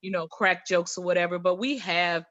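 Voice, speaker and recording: A woman's voice: lowish voice, steady tone, normal speed, fairly bright tone, dry recording, dull audio. A woman speaking as a guest in a casual panel discussion, telling personal stories in a chatty way.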